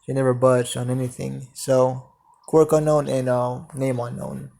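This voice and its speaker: A man's voice: medium pitch, level tone, measured pace, vocal fry, warm tone. A man narrating an improvised fan story, hesitant and full of fillers.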